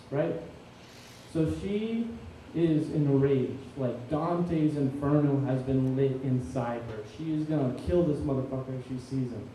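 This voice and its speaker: A man doing a stand-up set, telling a story about his girlfriend and roommate with animated, rambling delivery. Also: fairly high pitch, slight background noise. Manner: animated storytelling, swings loud for acted quotes. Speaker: comedian. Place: comedy club stage. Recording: echoey room from far off.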